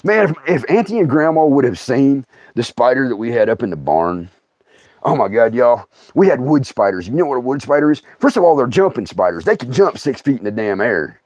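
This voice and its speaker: A man's voice: mid-range voice, sing-song, a little fast, a little mellow, no echo. A middle-aged man telling a comic family story, folksy and laughing often as he acts out his relatives. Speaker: storyteller host.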